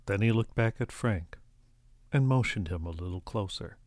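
A man reading a story aloud as an audiobook narrator, in a steady, even storytelling manner. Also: on the low side, normal speed, dry recording.

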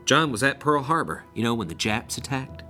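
A man's voice: medium pitch, fairly quick, soft background music, voice pushed up. A man voicing a friendly, easygoing old male veteran ghost who chats and teases in a spoken story. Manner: relaxed, chatty, teasing.

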